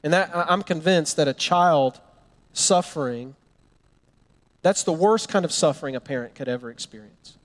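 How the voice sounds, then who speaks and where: A man preaching a sermon, telling a Bible story with animated storytelling and acting out the characters' lines. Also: fairly high pitch, normal speed, big-room sound. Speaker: pastor.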